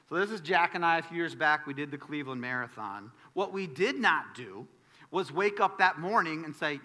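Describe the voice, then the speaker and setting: A man preaching a sermon as pastor to a congregation, talking conversationally and swinging between loud emphasis and quiet asides. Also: on the high side, lively intonation, normal speed. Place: church sanctuary before a congregation.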